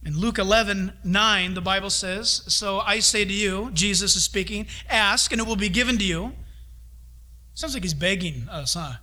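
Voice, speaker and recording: Animated, bright-voiced male preacher. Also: high voice, normal speed. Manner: animated, acts out voices of God and his kids. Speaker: pastor. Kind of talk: sermon.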